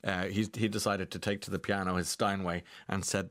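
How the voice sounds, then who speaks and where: Radio host guy, lowish voice, chatty and rambly, keeps restarting. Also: fast talker, few pauses, bright, forceful tone, soft background music. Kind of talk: casual chat.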